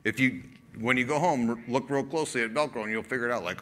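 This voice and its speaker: This pastor talks fast at a medium pitch while preaching, spinning a story in a casual, conversational way with fillers. He brings it to life by acting out both sides of the exchange.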